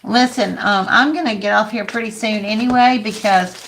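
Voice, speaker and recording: An older woman with a drawl talks on a craft livestream, her voice worn hoarse and raspy. She rambles in a chatty way and calls out to viewers by name. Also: mid-range voice, fairly even intonation, normal speed, a bit bright, slight background noise. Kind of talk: casual craft livestream chat.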